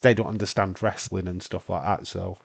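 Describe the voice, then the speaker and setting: A man's voice: low-pitched, level tone, a little fast, vocal fry, slightly rough. A young Scottish man hosting a casual live-stream chat, rambling and swearing freely, his voice congested from hay fever. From Britain. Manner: rambling, sweary, laughs often.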